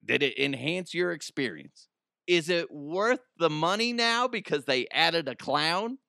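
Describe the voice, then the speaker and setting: A man's voice: a little high, lively intonation, measured pace, vocal fry, bright, forceful tone, dry recording, studio quality. A man hosting a podcast, rambling through a casual comedic monologue and laughing at his own jokes. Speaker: podcast host.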